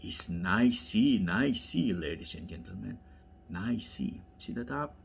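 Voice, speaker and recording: A man with a non-native English accent unboxing toy cars, enthusiastic and repetitive, often dropping into soft whispers. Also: fairly low pitch, expressive, a little slow, gravelly, husky. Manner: drops to soft whispers while handling toys; enthusiastic, repeats words, addresses "ladies and gentlemen". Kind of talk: unboxing commentary.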